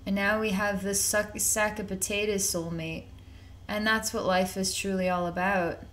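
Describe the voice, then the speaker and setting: A woman's voice: mid-range voice, fairly even intonation, normal speed, a bit bright. A woman talks through a psychic reading off the cuff. She rambles, circles back with repeated words, and drops casual slang as she goes. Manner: rambling and repetitive, conversational, with slang. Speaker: psychic reader.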